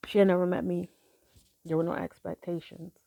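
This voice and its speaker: A middle-aged woman telling a personal story in a halting, soft-spoken way, with many pauses. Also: fairly low pitch, level tone, creaky, no room sound. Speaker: grieving mother sharing her story.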